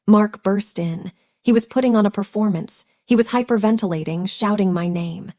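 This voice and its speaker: A woman narrating a dramatic first-person story in a tense, measured way. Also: mid-range voice, warm tone.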